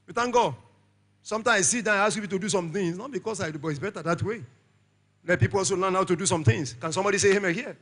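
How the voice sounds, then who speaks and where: A middle-aged Nigerian man preaching a church sermon with a Nigerian accent, shouting lines and calling for the congregation's amens. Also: high voice. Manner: shouting, call-and-response preaching. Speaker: pastor.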